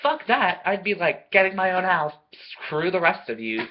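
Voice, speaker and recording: A vlogger ranting to camera in a profane, sarcastic way, swearing constantly and breaking into loud bursts of outrage. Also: medium pitch, sing-song, normal speed. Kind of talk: profane comedic rant to camera. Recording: dull lo-fi recording.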